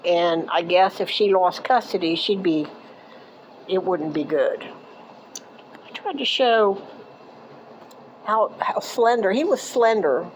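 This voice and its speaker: An older woman from Florida, casually telling a memory from her childhood in a halting way, restarting sentences and trailing off into quieter asides. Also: medium pitch, lively intonation, a little hiss or hum, low-quality recording. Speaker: eyewitness recounting a childhood memory. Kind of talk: casual personal storytelling.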